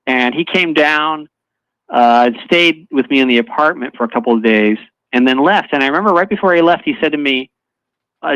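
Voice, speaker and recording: A man telling a personal story as a guest in casual chat, halting, with many fillers and restarts. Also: mid-range voice, a bit bright, no room sound. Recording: dull lo-fi online audio stream.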